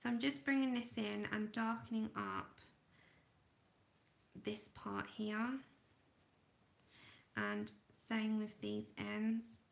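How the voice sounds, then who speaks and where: A woman hosting an art livestream, chatting casually and thinking aloud as she draws, sometimes trailing off into quiet murmurs. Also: medium pitch, little pitch movement, slow, vocal fry, pauses often, roomy sound. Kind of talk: casual livestream chat while drawing.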